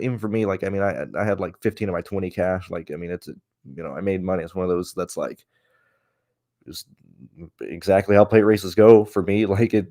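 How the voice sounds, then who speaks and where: A man's voice: fairly low pitch, a little mellow. A man hosting a casual livestream, rambling and cursing as he vents his frustration. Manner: rambling and profane, with many restarts; frustrated and venting. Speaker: host.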